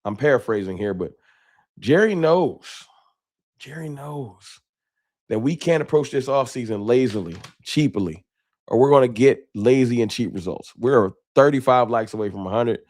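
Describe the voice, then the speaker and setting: A man with a slight lisp hosting a casual sports talk live stream, talking straight to his chat in slangy, animated bursts. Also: mid-range voice, brisk.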